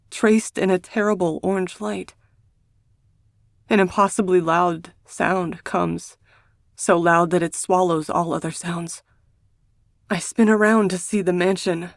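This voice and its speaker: A woman reading a first-person romance novel aloud in a hushed, emotional manner, as a scripted audiobook narration. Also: fairly low pitch, gravelly, dry recording, studio quality.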